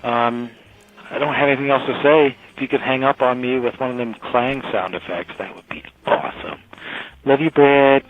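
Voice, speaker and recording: A man leaving a casual voicemail in a flat, deadpan way at a middling pitch. His voice comes through a narrow, tinny phone line. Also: normal speed. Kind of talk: voicemail message.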